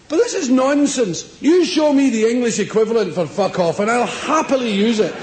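A man's voice: very high voice, sing-song, measured pace, background noise. A middle-aged Scottish man performing live stand-up comedy in a large theatre, boisterous and swearing freely as he acts out little scenes. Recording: echoey live stage recording with crowd. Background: audience laughter.

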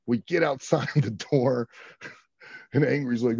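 A man's voice: mid-range voice, moderate pace, vocal fry, a little mellow, slightly rough, no echo, highs cut off. A man, a show guest, telling a long road story in casual chat and acting out the quotes with animation.

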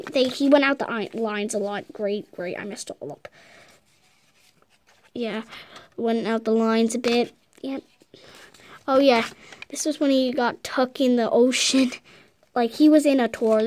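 A woman's voice: on the high side, darkish tone. A girl hosting a casual video, narrating toy play in a chatty, giggly, rambling way. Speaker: video host.

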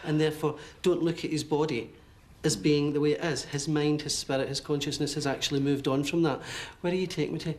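A man working as a medium, giving a reading to a sitter in halting, repeated phrases and checking in with "okay?". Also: fairly high pitch, steady tone, a little mellow, a little hiss or hum. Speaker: psychic medium.

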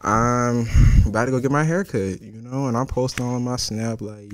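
A young man hosting a comedic story time, animated and profane, jumping from loud outbursts to hushed asides. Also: mid-range voice, moderate pace. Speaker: host.

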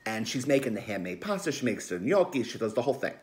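A man's voice: mid-range voice, sing-song, quick pace, a little hiss or hum, lightly acted. A man playing a dramatic, gossipy middle-aged aunt with a Philadelphia accent, rambling and emotional in a comedic monologue. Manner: rambling, chatty, emotional, defensive.

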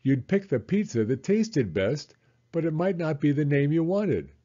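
Male narrator as a contrary boy, blunt and sulky, mellow husky voice, dull lo-fi storybook read. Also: a little high, lively intonation, moderate pace, voice pushed up. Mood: argumentative. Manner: blunt, argumentative.

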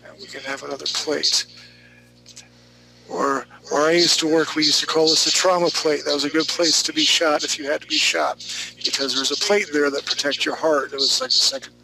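A man's voice: a little high, fairly even intonation, fairly quick, creaky, noisy background. A male drawing instructor running a live class. He talks through each step in an easygoing, joking way.

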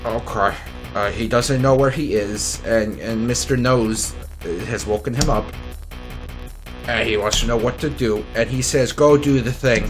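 A man's voice: mid-range voice, fairly even intonation, a little slow, over music. A male streamer giving wry, rambling commentary as he plays and reads a fan game aloud.

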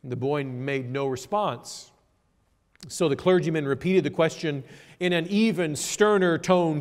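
Male pastor, sermon delivery, fairly high voice, long hall reverb, dramatic pauses and emphatic build-ups. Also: a little mellow. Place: church sanctuary.

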